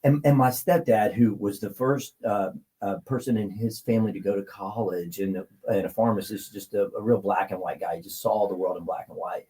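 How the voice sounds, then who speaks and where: Male guest, forties, low and husky, rambling and emotional storyteller. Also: steady tone, fairly quick, warm tone, rough recording. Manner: rambling, filler-heavy, emotional.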